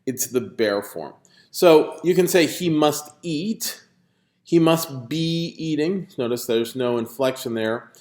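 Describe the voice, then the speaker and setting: A man's voice: on the high side, animated, takes it slowly, a little mellow. Roomy-sounding man giving a lecture. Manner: explanatory, frequent fillers and restarts, stresses key terms. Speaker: linguistics lecturer. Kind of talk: recorded video lecture.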